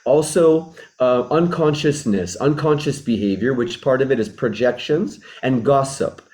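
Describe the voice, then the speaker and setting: A relationship mentor speaks at a measured pace in a medium-pitched, slightly mellow voice. His earnest teaching is reflective and repetitive, rewording his points and enacting example conversations.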